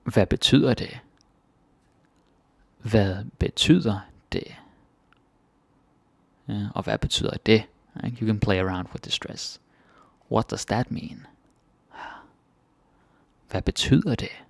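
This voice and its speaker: A man with a Danish accent teaching phrases in a casual lesson, repeating each phrase slowly before explaining it. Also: lowish voice, fairly even intonation, gravelly, husky, no echo. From Denmark. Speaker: language teacher.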